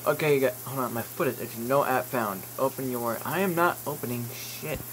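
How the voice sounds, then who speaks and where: A man's voice: mid-range voice, fairly quick, fairly bright tone, a little hiss or hum, rough recording. A man vlogging casually as he browses online, reading product listings aloud with jokey, rambling asides and the odd curse word. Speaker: YouTube vlogger. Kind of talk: casual vlog commentary while browsing online.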